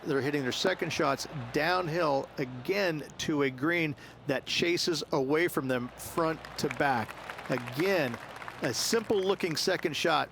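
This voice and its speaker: Brief: measured golf analyst for a video game, explains each hole plainly, slightly high voice. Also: male voice, vocal fry, fairly bright tone, slight background noise. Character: calm adult male golf course analyst. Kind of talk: scripted hole preview narration.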